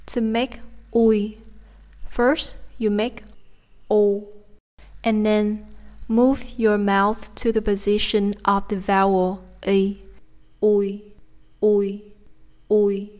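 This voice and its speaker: A woman's voice: medium pitch, flat delivery, slow pace, long pauses, darkish tone. A woman with a Southern Vietnamese accent teaching a pronunciation lesson, carefully demonstrating each sound. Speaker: language teacher.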